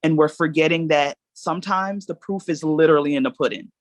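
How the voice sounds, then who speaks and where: A woman's voice: low-pitched, fairly quick, no echo. Earnest woman guest, dry close sound. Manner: earnest, speaks in long run-on reflections. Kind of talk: candid personal storytelling.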